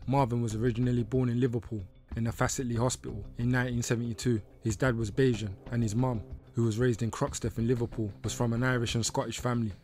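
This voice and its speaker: A man narrating a documentary in a steady, scripted read. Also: mid-range voice. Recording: narration over faint music.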